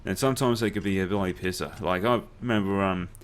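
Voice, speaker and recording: A low-pitched young man talks fast as he plays, hosting a let's play. His casual stories are loaded with swearing and broken up by his own laughter.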